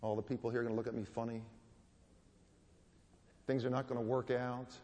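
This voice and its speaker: A man's voice: mid-range voice, little pitch movement, brisk, warm tone. A man giving a sermon as a guest preacher, telling stories with rising emphasis. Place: church or hall. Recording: long hall reverb.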